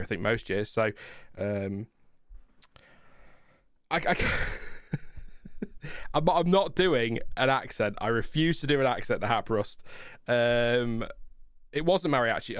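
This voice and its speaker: A man's voice: medium pitch, a bit bright, clear, resonant tone, no room sound, studio quality. A man hosting a casual live watchalong, rambling and chatty with lots of fillers and laughs. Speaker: livestream host.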